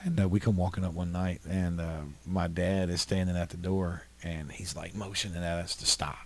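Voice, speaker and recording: A man from upstate New York, hosting a podcast and telling animated, profane stories in casual chat. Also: deep voice, moderate pace. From Highland, New York. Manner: animated storyteller, swears freely. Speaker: podcast host.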